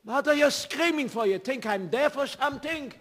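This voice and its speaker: A man voicing a cranky, hard-of-hearing old man who asks loud, indignant questions. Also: extremely high pitch, animated, moderate pace, big-room sound, noisy background, voice pushed up.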